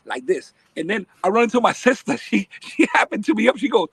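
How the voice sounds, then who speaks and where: Animated high-voiced man telling stories. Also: normal speed, gravelly, husky, no room sound, low-quality recording. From Bronx, New York. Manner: animated, emphatic storyteller who laughs often. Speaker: guest, baseball academy owner. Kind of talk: casual podcast interview.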